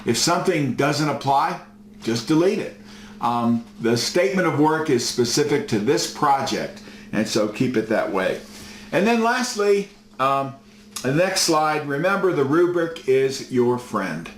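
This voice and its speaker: A male professor gives a recorded course lecture, telling stories in a folksy style packed with fillers. His medium-pitched voice swings widely and moves unhurriedly, in an echoey room with faint noise.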